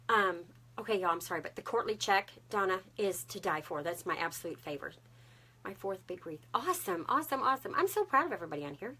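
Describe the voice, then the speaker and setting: A woman's voice: a little high, sharp tone, breathy edge. Bubbly woman live-streaming crafts. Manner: bubbly, talkative, greets viewers by name. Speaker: craft livestream host. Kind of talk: chatty live stream, greeting viewers.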